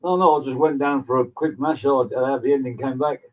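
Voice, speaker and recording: A man's voice: mid-range voice, fairly even intonation, brisk, phone-quality sound. A man chatting casually as a guest, earnest and easygoing. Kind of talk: casual chat.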